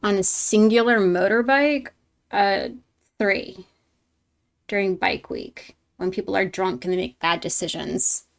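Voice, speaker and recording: A woman's voice: mid-range voice, measured pace, creaky. A woman hosting a live-streamed painting tutorial, talking with her chat in a chatty, bubbly way and laughing often.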